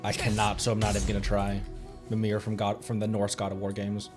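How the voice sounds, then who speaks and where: A man's voice: on the low side, completely flat delivery, fairly quick, music in the background. A man streaming a video game live, rambling casually and laughing at his own slips. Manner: chatty, rambling, laughs often at himself.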